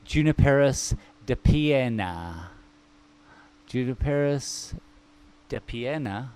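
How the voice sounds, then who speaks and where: A man's voice: medium pitch, darkish tone. A man streaming live as he paints, thinking aloud in a rambling, self-mocking way and chatting with viewers. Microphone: microphone.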